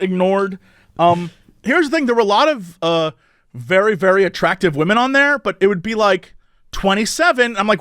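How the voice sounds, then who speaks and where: A man's voice: high-pitched, expressive, moderate pace, fairly bright tone, no echo, clean studio sound. A man in his thirties co-hosting a comedy podcast, joking and laughing often in casual chat. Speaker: podcast co-host.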